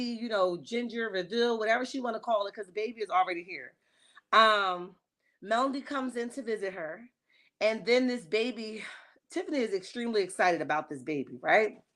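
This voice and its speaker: A woman hosting a reality TV recap livestream, chatting casually with viewers in a lively, slangy, opinionated way. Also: a little high. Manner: lively and chatty, greets chat viewers by name.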